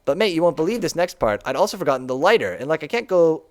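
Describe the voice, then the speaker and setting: A man's voice: fairly high pitch, sing-song, fast, pitched above the performer's own voice. A man voicing a laid-back, chatty male bird who smokes a cigar and calls everyone mate, reading game dialogue aloud. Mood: rambling.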